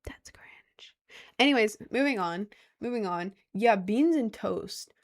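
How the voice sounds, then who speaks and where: A young woman streaming and reading her chat, giggly and rambling, full of slang and self-conscious asides. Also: mid-range voice. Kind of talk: casual live-stream chat.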